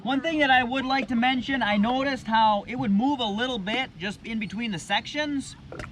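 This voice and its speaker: A man's voice: high-pitched, background noise. A man hosting a casual, plainspoken gear review while standing in shallow water by a boat. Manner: plainspoken, easygoing, with frequent uhs. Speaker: channel host reviewing gear.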